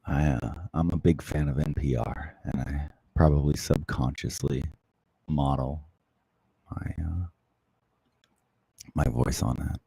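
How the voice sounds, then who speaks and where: A man hosting a casual livestream, chatting softly and closely into the microphone as he answers viewer comments. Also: extremely low pitch, takes it slowly, gravelly, long pauses, husky, dry recording. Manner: soft-spoken, close to the mic. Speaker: livestream host.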